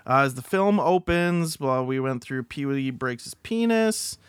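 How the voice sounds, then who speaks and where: A man hosting a podcast, recapping a film in casual chat with halting restarts. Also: mid-range voice, clean tone, no echo, studio quality. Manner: animated, halting storytelling with restarts. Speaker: podcast host.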